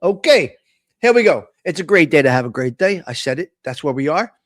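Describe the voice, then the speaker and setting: A middle-aged man with a New York-area accent hosts a live morning chat stream in a high-pitched voice, rambling through crude, joking banter. The sound is close and dry. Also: very animated, a little fast, no echo. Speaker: host of a live morning talk show.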